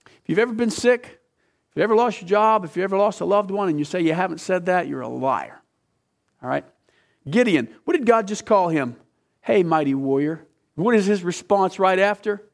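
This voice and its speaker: Male pastor, fairly high pitch, earnest sermon delivery that rises for quotes and sinks for emphasis. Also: lively intonation, a little fast. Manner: earnest, voice climbing high when quoting, dropping low to drive points home.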